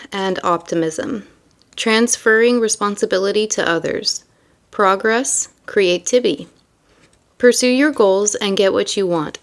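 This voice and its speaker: A young woman reading tarot and chatting casually, rambling and full of fillers between card meanings. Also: mid-range voice. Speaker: tarot reader.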